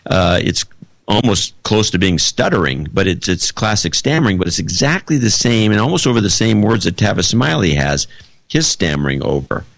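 A man's voice: lowish voice, big pitch swings, normal speed, gravelly, fairly bright tone, no room sound. A man co-hosting a podcast in casual chat, rambling with frequent restarts. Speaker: podcast co-host.

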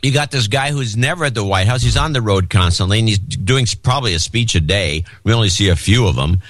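A man's voice: on the low side, lively intonation, fast talker, fairly bright tone. A man co-hosting a podcast, giving wry, dry commentary in casual political banter. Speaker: podcast co-host.

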